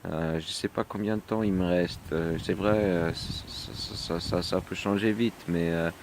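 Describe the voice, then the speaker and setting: A French man talking in a casual video diary in English with a French accent, halting with many fillers and slipping into French. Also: low-pitched, steady tone, noisy background. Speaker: vlogger.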